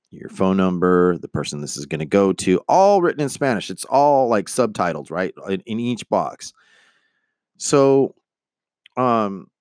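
A man's voice: deep voice, dry recording, studio quality. A man casually telling a rambling personal story, acting out the people in it. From United States. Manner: rambling, animated, acts out quoted voices; swears casually. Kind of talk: casual spoken anecdote.

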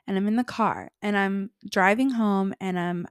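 A young woman co-hosts a relaxed chat podcast and tells her stories with energy, acting out her own reactions along the way. Her voice sits at an ordinary middle pitch. The sound is dry and close, with no room around it. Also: normal speed, clear, resonant tone, dry recording. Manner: animated storytelling, acts out her own reactions. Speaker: podcast co-host. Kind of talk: casual chat.

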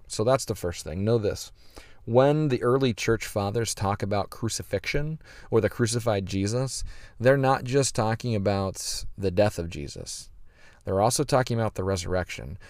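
A man hosting a podcast, reading scripture aloud in an earnest, measured way and then explaining it. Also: on the low side, darkish tone, no echo, studio quality. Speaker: podcast host.

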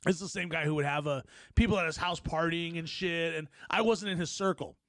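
A man co-hosting a podcast in casual chat, telling profane, animated stories. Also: fairly high pitch, brisk, no echo, studio quality. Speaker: podcast co-host.

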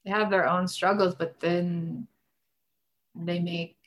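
A woman's voice: lowish voice, flat delivery, slow. A woman in her thirties, a mom, chatting on a podcast in a reflective, musing way, often trailing off mid-thought. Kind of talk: casual chat.

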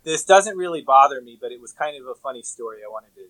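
A man's voice: medium pitch, fast, low-quality recording. A man in his thirties, a guest on a video call, telling stories and teasing the hosts. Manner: teasing, animated storyteller. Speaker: podcast guest. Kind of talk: casual chat.

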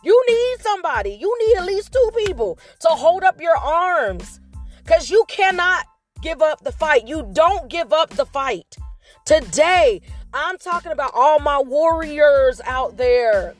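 A woman's voice: sits high, lively intonation, slow, soft background music. A woman hosting a motivational vlog, giving an earnest, faith-based pep talk that repeats its points to encourage listeners.

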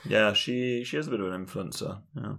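Deep-voiced English man, dry wit. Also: a little fast, gravelly, a bit bright, husky. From England. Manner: dry, ironic, mimics others in sudden high voices. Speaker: podcast co-host. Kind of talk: casual chat.

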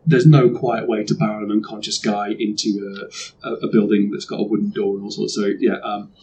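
A man's voice: lowish voice, level tone, brisk, a little mellow, slight background noise. Hesitant man running a tabletop game. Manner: rambling, hesitant, laughs often. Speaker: game master.

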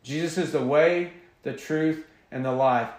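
A man delivers a sermon as a pastor, earnest and emphatic in his preaching. His voice sits a little high for a man. The room around him gives a noticeable echo. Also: unhurried. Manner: earnest, emphatic preaching with a quiet prayer opening.

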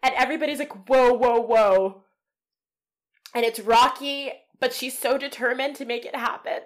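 A young woman on a film podcast, her voice a little higher than most. She talks with lively emotion, swears casually and often acts out lines from the film. The delivery is loose and conversational. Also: fairly quick. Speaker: podcast co-host.

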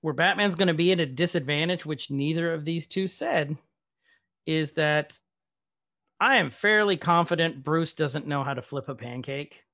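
A man co-hosting a podcast in casual chat, animated and playful, laughing often. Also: fairly high pitch, normal speed. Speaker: podcast co-host.

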